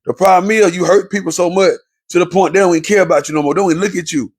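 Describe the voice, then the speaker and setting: His voice sits high and holds a steady tone, racing along with a breathy edge. The man is a relationship commentator giving viewers a heated, moralizing speech on relationships, repeating himself for emphasis.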